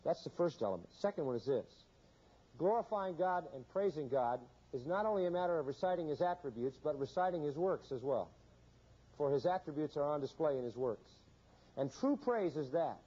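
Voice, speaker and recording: Emphatic preacher with a dark, dull sound. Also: male voice, on the high side, animated, fairly quick, husky. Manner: emphatic, repetitive preaching cadence with acted quotes. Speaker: pastor. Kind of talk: sermon. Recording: dull lo-fi sermon recording.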